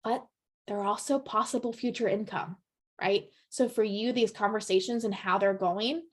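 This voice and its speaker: A woman leading a real estate team training, upbeat and chatty, often checking in with "right?". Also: a little high. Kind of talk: training presentation to colleagues.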